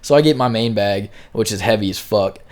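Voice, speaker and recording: A man's voice: lowish voice, fairly quick, darkish tone. A young man telling a rambling, profane storytime in casual slang. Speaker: storyteller vlogger.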